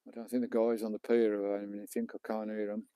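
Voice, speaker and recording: A British man chatting casually on a live stream while he fishes on a beach. His voice is dark and mellow, recorded dry and close, and he jokes with viewers and swears now and then. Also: on the low side, little pitch movement, fast, smooth, no echo. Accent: British English. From England. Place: outdoors on a beach at night.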